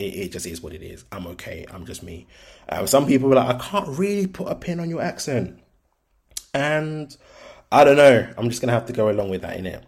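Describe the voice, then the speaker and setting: A young man with a Birmingham accent that drifts toward London, hosting a casual solo podcast in a frank, chatty way full of ums and likes. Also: lowish voice. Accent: Birmingham (Brummie), shifting toward London. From Birmingham, England. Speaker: podcast host.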